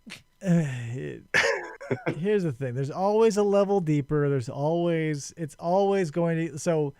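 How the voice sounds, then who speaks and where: A man's voice: fairly high pitch, takes it slowly, mellow, clear, resonant tone, no room sound, studio quality. A man hosting a podcast who retells a story in a rambling, sarcastic and profane casual chat. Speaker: podcast host.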